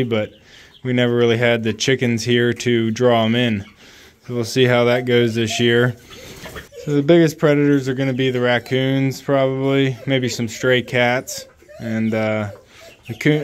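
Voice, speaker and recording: A man's voice: mid-range voice, a little hiss or hum. Laid-back man chatting in a chicken coop. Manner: relaxed and chatty, talks gently to his dog and chickens. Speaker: homesteading vlogger. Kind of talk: casual vlog narration. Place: chicken coop on a rural property.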